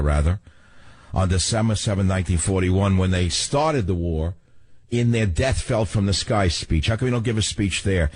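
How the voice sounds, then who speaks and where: A man's voice: deep voice, a little mellow, no echo. A man hosting a talk radio show, delivering a combative, ranting monologue full of rhetorical questions.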